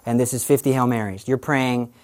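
A woman's voice: a bass voice, fairly even intonation, fairly quick, darkish tone. A woman giving a conversational religious talk to an audience, telling stories with animation and acting out the voices she quotes. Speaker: Catholic speaker on the rosary.

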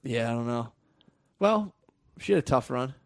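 A man's voice: mid-range voice, animated, moderate pace, gravelly, dry recording. Laid-back profane young man, dry mic. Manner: laid-back, profane, slangy, puts on silly voices for quotes. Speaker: podcast co-host. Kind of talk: casual crude banter.

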